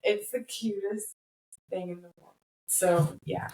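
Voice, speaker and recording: A woman co-hosting a podcast, telling stories in a casual, animated way. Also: mid-range voice, takes it slowly, crowd noise. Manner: chatty, animated storyteller with frequent laughs. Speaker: podcast co-host. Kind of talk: casual chat. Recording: roomy, distant mic.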